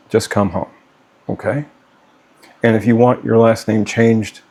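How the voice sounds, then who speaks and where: A man's voice: fairly low pitch, vocal fry, darkish tone, breathy edge. A middle-aged father speaking straight to camera to his children, earnest and pleading, often checking in with "okay?". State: getting hot and worked up. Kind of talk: direct-to-camera personal vlog.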